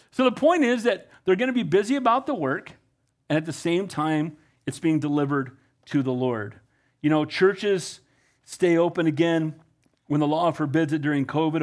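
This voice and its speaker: A middle-aged pastor preaching a conversational, animated sermon, often asking his congregation "Amen?". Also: a little high.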